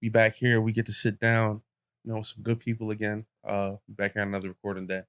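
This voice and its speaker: Animated young man retelling a story. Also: fairly low pitch, fast. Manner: animated retelling with lots of "like" and quoted voices. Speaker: podcast host. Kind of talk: casual chat, storytelling.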